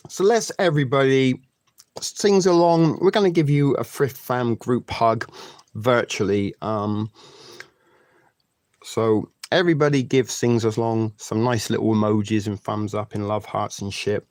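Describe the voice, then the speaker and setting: A man's voice: medium pitch, a little slow, darkish tone, no echo. A man in his forties hosting a live stream, chatting casually and crudely joking with his viewers. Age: 40s. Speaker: livestream host.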